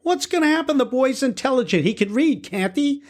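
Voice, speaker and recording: An easygoing, cheerful father at the rocket controls, read by a man. He sounds upbeat and patient, with a pitch that bounces around. It is a family audiobook voice. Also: expressive, brisk, darkish tone. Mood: jovial. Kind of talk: audiobook character voice.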